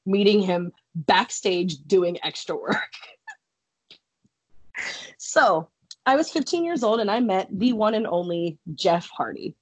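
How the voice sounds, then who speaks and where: Husky woman telling a story. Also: medium pitch, takes it slowly, long pauses, dry recording. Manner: swears freely, laughs often, animated. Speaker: podcast guest, wrestler. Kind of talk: casual storytelling.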